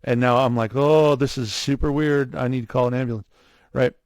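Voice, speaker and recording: Gravelly man telling a lively story. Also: mid-range voice, brisk, no room sound. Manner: animated, acts out others' lines in his story. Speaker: guest, cardiac arrest survivor. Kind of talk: storytelling in a casual interview.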